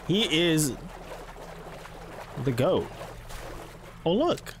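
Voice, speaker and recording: Man, game streamer, casual commentary, animated rising and falling voice, swears and yells at the game, close mic. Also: on the high side, drawn-out words, noisy background. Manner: chats with his chat between gameplay. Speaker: streamer playing a horror game. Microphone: streaming microphone close to his face.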